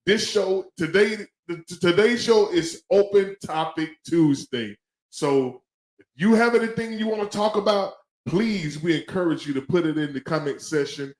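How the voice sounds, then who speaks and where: A man's voice: high voice, normal speed, reverberant, poor audio. A man co-hosting a live talk show, chatting loosely in slang and repeating his phrases. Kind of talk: casual live-stream chat.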